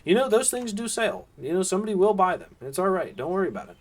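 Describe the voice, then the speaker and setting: A man's voice: sits high, sing-song, fast talker. A man with a Southern US accent giving casual solo play-by-play commentary on an esports match. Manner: easygoing, chatty, with asides and fillers. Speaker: esports caster.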